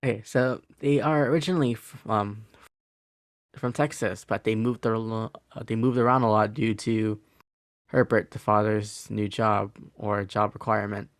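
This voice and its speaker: A man's voice: on the low side, level tone, moderate pace, no room sound. Hesitant man, dry close sound. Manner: hesitant, many fillers and restarts. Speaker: podcast co-host. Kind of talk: casual chat, telling a case.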